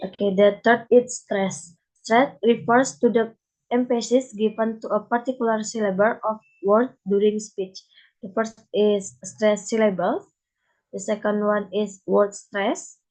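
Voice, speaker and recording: A woman's voice: mid-range voice, fairly even intonation, unhurried, darkish tone, low-quality recording. A young woman giving a class presentation, reading carefully from slides and often repeating words. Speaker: student presenter.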